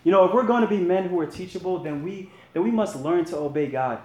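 A man's voice: sits high, fast talker, a little mellow, reverberant. A man leading a men's Bible study, preaching earnestly in a conversational way and asking his listeners to respond. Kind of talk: sermon.

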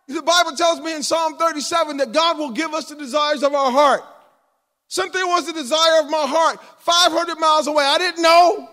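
A middle-aged man preaching a sermon, swinging between fervent shouting and hushed, joking asides. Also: very high-pitched. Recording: long hall reverb.

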